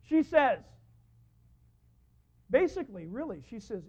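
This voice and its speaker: A man preaching a sermon as a pastor, telling stories in an animated way and acting out the voices of the people he quotes. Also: very high voice, normal speed. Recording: dull lo-fi sound.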